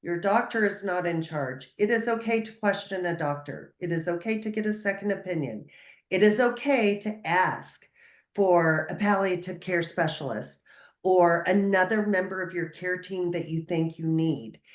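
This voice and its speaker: A woman's voice: lowish voice, normal speed, roomy sound. A woman speaking as a guest on a video call, giving earnest, emphatic, encouraging advice.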